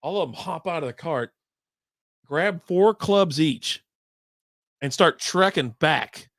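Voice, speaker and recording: A man co-hosting a casual podcast, telling golf stories with lots of laughter, acting out shouted quotes and swearing freely. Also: a little high, lively intonation, slow pace, no room sound, clean studio sound. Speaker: podcast co-host. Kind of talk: casual chat, storytelling.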